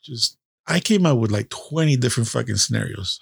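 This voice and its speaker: A man's voice: mid-range voice, animated, fairly quick, creaky, husky, no echo, studio quality. A man in his fifties, a podcast host telling a personal story in a candid, casual way with heavy swearing.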